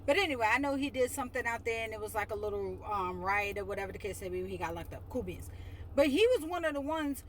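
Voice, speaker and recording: New york woman venting on a vlog, high voice, curses a lot, little bit of hiss behind. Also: expressive, fast talker. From Westchester, New York. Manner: blunt, exasperated, swears freely. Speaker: vlogger. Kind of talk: casual rant to camera.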